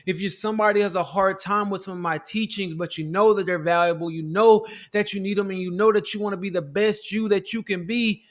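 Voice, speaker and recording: High-voiced man giving a fervent motivational talk. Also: steady tone, fairly quick, hardly any pauses. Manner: preachy, repeats "family" and "look", builds to shouting climaxes. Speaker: motivational teacher.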